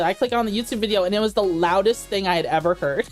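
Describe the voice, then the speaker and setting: A woman's voice: medium pitch, quick pace, hardly any pauses, soft background music. A woman streamer chatting casually while playing, laughing easily and talking to her chat.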